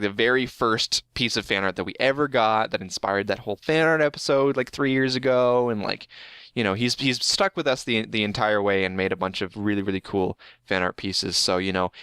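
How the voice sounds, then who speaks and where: A man's voice: mid-range voice, fairly bright tone, clean tone, no room sound, clean studio sound. A man hosting a casual podcast chat, rambling with many filler words. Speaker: podcast host.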